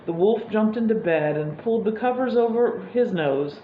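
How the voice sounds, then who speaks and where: A woman preacher telling a fairy tale in a sermon, unhurried, with fillers. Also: lowish voice, lively intonation, a little hiss or hum. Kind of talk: sermon storytelling. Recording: echoey room, slightly dull sound.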